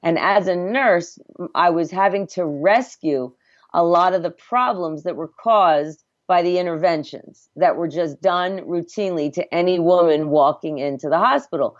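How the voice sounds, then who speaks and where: A middle-aged woman with a lowish voice speaks as a midwife guest in a podcast interview. She tells her story earnestly and reflectively, often stopping to restart her sentences. The audio is dry and a little dull and lo-fi. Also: moderate pace, no room sound. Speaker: midwife, former obstetric nurse.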